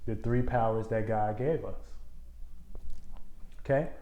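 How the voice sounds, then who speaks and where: A man's voice: fairly low pitch, takes it slowly, warm tone, echoey room, dull audio. A man who calls himself a spiritual coach, talking loosely on a livestream. His speech is slangy, profane and repetitive, and he is slightly tipsy. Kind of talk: casual livestream talk. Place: room, live stream.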